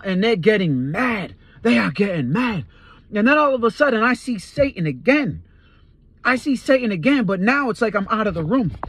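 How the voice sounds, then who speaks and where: A man's voice: extremely high pitch, a bit bright, dry recording. A man giving a fervent personal testimony, earnest and repeating phrases for emphasis. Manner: tells events as a dream story. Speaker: Christian testifier.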